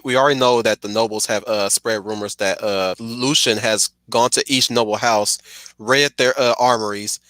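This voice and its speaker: Excitable streamer guy rambling, bright voice, dry sound, keeps laughing. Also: fairly low pitch, no echo. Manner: excitable, digressive, laughs often. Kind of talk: casual rambling commentary.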